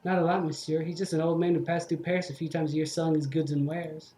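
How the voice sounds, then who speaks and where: A man's voice: on the high side, level tone, quick pace, reverberant, soft background music, natural voice. A man putting on a polite swan flower girl. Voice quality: soft put-on girl voice. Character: female swan flower seller, polite, evasive.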